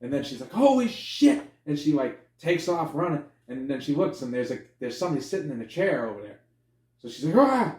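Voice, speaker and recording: A man in casual conversation, rambling through a film's plot with lively acted-out bits and plenty of swearing. His voice sits at an ordinary middle pitch. The recording picks up a roomy echo. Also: fast talker. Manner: animated retelling, acts out characters with sudden high yelps, swears freely. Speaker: podcast co-host. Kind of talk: casual movie review chat. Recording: echoey room.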